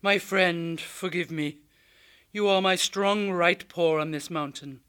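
A man voicing a stern, vengeful female badger warrior, speaking gravely and solemnly. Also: high voice, steady tone, slow, pushed and bright, voice pushed up, full character voice. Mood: apologetic.

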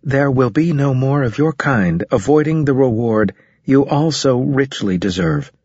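A man's voice: mid-range voice, animated, unhurried, a little mellow, breathy edge, no echo, pitched above the performer's own voice. Pompous alien prefect, formal, indignant, dry muffled sound, read by a man. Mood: haughty. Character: haughty pompous alien prefect, male-voiced creature. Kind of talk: audiobook character reading. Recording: dull, muffled audio.

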